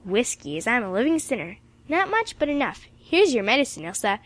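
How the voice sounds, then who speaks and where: A brisk, cocky teenage boy who takes charge and boasts cheerfully, as a woman reading aloud voices him. Slightly high, near the reader's own voice. Storybook reading. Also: very animated. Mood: confident.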